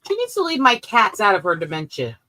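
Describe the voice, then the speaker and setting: A woman's voice: mid-range voice, huge pitch swings, fairly quick, sharp tone, low-quality recording. A woman chatting playfully on a stream, teasing and joking. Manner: playful, teasing, sings snatches. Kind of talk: casual chat.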